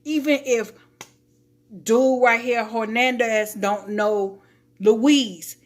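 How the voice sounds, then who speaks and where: A young woman with a Chicago accent tells a story to her live stream viewers, getting animated as she acts out what people said. She laughs often and talks casually, in a fairly high voice. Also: drawn-out words.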